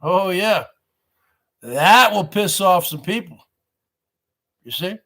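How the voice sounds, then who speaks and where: A man's voice: high-pitched, animated, takes it slowly, vocal fry, bright, forceful tone. A man hosting his own live stream, rambling to viewers as "folks" with repeated rhetorical questions. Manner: addresses audience as folks. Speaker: livestream host.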